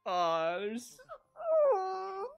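Animated woman reacting to anime. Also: very high-pitched, drawn-out words, lo-fi sound, soft background music. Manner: swings from soft cooing to loud squealing, swears a lot. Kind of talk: excited reaction commentary.

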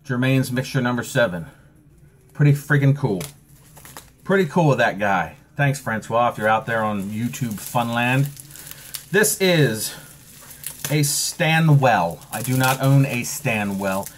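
A man's voice: mid-range voice, lively intonation, measured pace, a little hiss or hum. A man in his forties with an Eastern Shore of Maryland accent, chatting casually through an unboxing with a joking, rambling, self-mocking manner. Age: 40s. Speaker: pipe-collecting vlogger.

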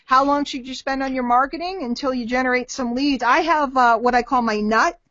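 A middle-aged woman answering marketing questions on a live webinar, talking in a lively way and acting out little dialogues. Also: high-pitched, brisk, no echo. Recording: dull, dry lo-fi web call audio.

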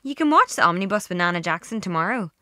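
A woman reading as a wary young woman with a lilt, snapping back with dry, cutting lines. The voice sits low and close, with a dry, deadened sound. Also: sing-song, fast, bright, forceful tone, no echo. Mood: sarcastic. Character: young woman, guarded and sharp-tongued.

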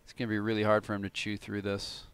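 A man's voice: fairly low pitch, completely flat delivery, fast, fairly bright tone, smooth, dry recording. Casual man calling a live match. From Cleveland, USA. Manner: casual, analytical, swears offhandedly. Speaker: tournament commentator. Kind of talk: live stream game commentary.

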